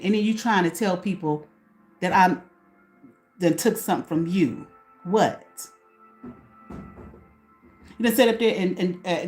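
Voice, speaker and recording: A woman's voice: on the low side, darkish tone. A woman hosting her own small channel, ranting at someone in a profane, confrontational way and putting questions to herself. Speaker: channel host. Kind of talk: ranting to camera.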